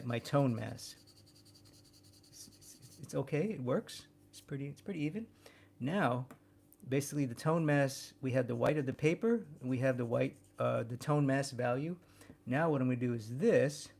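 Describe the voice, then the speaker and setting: Gravelly-voiced man teaching drawing. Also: mid-range voice, darkish tone. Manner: thinks aloud while drawing, repeats words. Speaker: drawing instructor. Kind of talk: live drawing demonstration.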